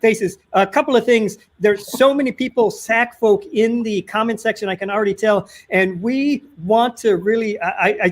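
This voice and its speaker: A man's voice: high voice, normal speed, few pauses. A man hosting a casual livestream chat with guests, chatty and keeping things moving. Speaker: host.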